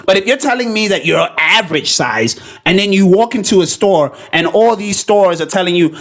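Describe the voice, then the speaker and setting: A man's voice: sits high, big pitch swings, moderate pace, a bit bright. A man hosting a reaction video, talking in a blunt, incredulous way, often repeating himself. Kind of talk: casual commentary.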